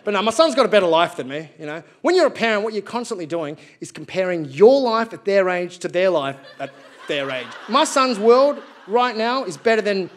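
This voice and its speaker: Brief: wry, animated stand-up comic, thirties, light high voice. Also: male voice, a little fast. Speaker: stand-up comedian. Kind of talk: stand-up comedy. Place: live theatre stage.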